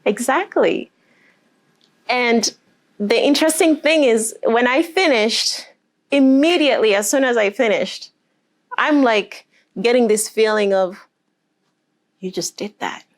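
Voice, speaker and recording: Woman motivational speaker, a bit high voice, heartfelt storytelling, cheers the group on. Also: a little slow, pauses often. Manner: emotional, earnest storytelling; leads the group in deep breaths and affirmations. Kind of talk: motivational talk to a live group.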